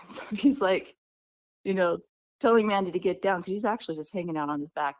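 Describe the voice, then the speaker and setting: A woman author in an interview, retelling her book's plot in a lively, conversational way and often checking in with "right?". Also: mid-range voice, a little fast. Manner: animated storyteller, acts out characters' lines. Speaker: author guest.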